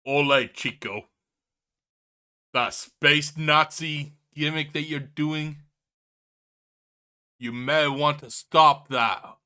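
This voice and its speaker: A man's voice: fairly high pitch, steady tone, extremely slow, long pauses, pushed and bright, smooth, full character voice. A man putting on an impression of a laid-back tough-guy male pro wrestler with a drawling delivery. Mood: cocky.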